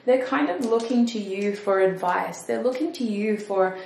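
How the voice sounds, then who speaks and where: A woman's voice: mid-range voice, lively intonation, moderate pace, gravelly, a little mellow, far from the mic. A woman giving a casual, chatty tarot reading, thinking aloud and poking fun at herself. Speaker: tarot reader. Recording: roomy echo, mic set back, faint noise.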